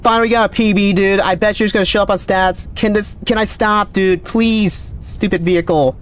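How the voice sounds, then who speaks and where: A man streaming a game live, calling out readings with excited running commentary, his voice cracking. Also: high-pitched, smooth. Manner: excited, calls out numbers rapidly. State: voice cracking, thirsty. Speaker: gaming streamer.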